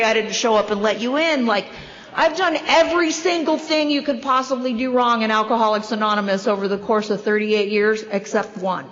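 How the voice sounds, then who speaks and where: A woman in her fifties or older giving a wry, self-deprecating recovery share as a convention speaker at a podium microphone. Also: fairly high pitch. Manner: wry, self-deprecating storytelling with quick asides. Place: large hall. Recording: dull, echoey hall recording.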